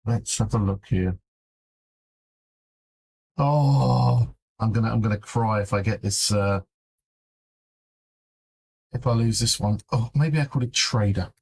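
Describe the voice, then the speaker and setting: A man's voice: on the low side, unhurried, vocal fry, pauses often, darkish tone, slightly rough. A man streaming on his own, thinking aloud in a fretful mutter as he searches through files. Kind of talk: casual live-stream commentary.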